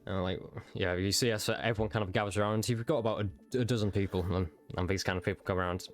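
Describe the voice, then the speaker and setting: A man's voice: on the low side, steady tone, fast. A man running a tabletop game as game master, narrating in a loose, rambling way. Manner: rambling, full of fillers.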